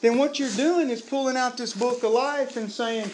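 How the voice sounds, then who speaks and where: A man preaching a sermon to a live congregation, lively and humorous, quizzing the crowd. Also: very high voice, normal speed, few pauses, noisy background. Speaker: pastor.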